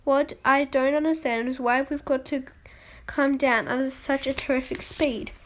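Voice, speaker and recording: A woman's voice: high voice, fairly even intonation, normal speed, a little hiss or hum, lightly acted. A woman voicing an earnest, kind young boy in a storybook reading.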